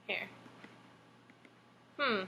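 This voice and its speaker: This woman's voice is very slow, pushed and bright. She's an elementary teacher on a video call, reading aloud to her young online class with patience, encouragement and questions.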